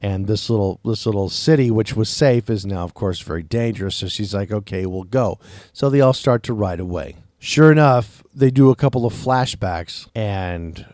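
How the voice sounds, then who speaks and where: A man's voice: fairly low pitch, moderate pace, dry recording, studio quality. A man hosting a podcast, casually recapping and reviewing a movie, acting out the characters' lines as he tells the plot. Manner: animated retelling, acting out quotes.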